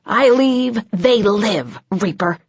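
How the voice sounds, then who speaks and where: A woman's voice: medium pitch, very animated, measured pace, breathy edge, dry recording. A woman voicing a desperate male vampire killer who hisses and pleads. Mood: hissing. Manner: hissing, pleading. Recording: dull lo-fi audio.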